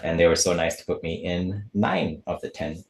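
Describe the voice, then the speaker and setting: A man's voice: deep voice, lively intonation, moderate pace, creaky, a little hiss or hum. A man hosting a casual online baking class, chatty and joking while explaining each step. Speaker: actor and baking class host. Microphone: laptop camera mic.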